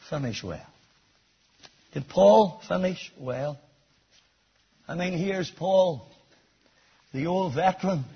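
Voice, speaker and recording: A man delivers a sermon in a husky, fairly high voice. He drops to hushed, low passages and then climbs into loud, shouted emphasis. The recording is dull and muffled. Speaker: preacher.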